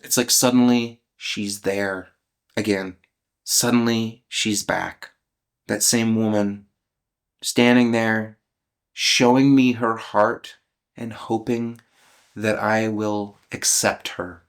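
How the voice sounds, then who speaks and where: A man's voice: lowish voice, level tone, takes it slowly, clean tone. Earnest man in his fifties, thinking aloud. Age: 50s. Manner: earnest, emotional, thinking aloud with self-questions; candid and vulnerable, with soft laughs. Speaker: channel host. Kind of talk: reflective spoken self-inquiry.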